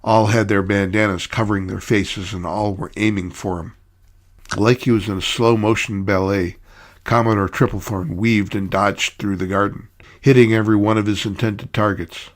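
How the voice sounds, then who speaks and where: A man narrating a short story in a measured storytelling way. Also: on the low side, fairly even intonation.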